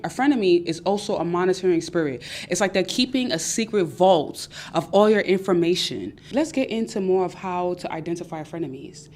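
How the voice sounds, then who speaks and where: A young adult woman hosting a podcast, giving casual advice and acting out her friends' voices with lively energy. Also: on the low side, a little fast, hardly any pauses. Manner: animated, acts out friends' voices. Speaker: podcast host.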